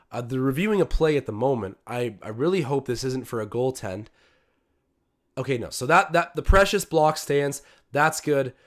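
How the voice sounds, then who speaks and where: Young guy streaming a watch-along, casual commentary, yells when stuff happens. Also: mid-range voice. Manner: excitable, talks to chat, bursts of loud cheering. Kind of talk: casual live game commentary.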